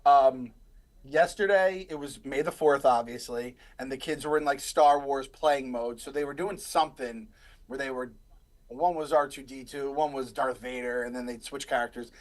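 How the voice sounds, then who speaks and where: A man's voice: mid-range voice, moderate pace. A man in his thirties, a podcast co-host, rambling through casual live stream chat and stories. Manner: rambling, animated storyteller.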